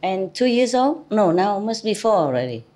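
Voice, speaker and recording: A woman's voice: medium pitch, very animated, normal speed, dark tone. A woman spiritual teacher giving an informal talk to an audience, chatty and teasing, laughing often, in English that is not her first language. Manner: non-native English phrasing.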